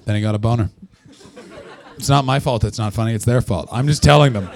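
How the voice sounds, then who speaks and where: This young Canadian stand-up comedian is performing live at a small festival venue, riffing with the crowd in a profane, sarcastic style. His mid-range voice is fast and creaky, and he breaks into yelled punchlines.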